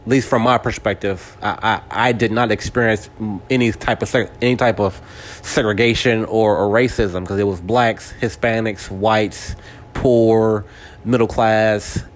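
Low-voiced man talking in halting restarts. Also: steady tone. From California. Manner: halting, repeats and restarts words often; talks straight to the listener, seeking agreement. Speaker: podcast host. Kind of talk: casual monologue to listeners.

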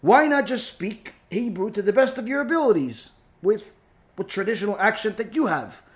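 A man's voice: high voice, very animated, normal speed. A man who is a rabbi, giving an informal spoken lecture, rambling with many fillers and turning emphatic and scolding. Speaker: rabbi and teacher.

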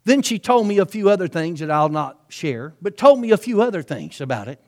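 A man's voice: sits high, very animated, fairly quick. A male preacher, telling a story in his sermon in a folksy, chatty way with frequent asides.

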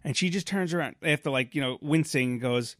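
A man co-hosting a casual podcast, his voice sitting a bit high for a man. He spins long, rambling anecdotes full of restarts and asides. The sound is dry and close, with no room echo. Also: brisk. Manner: rambling, animated storyteller with frequent restarts. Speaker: podcast co-host. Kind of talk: casual storytelling chat.

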